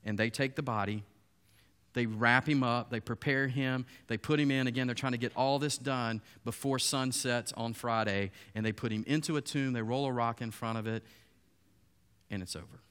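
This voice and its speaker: A man preaching a sermon, retelling the story in a lively, storytelling way and acting out the voices of the people in it. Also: mid-range voice, normal speed, clean tone. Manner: storytelling, animated, acts out quoted voices. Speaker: pastor.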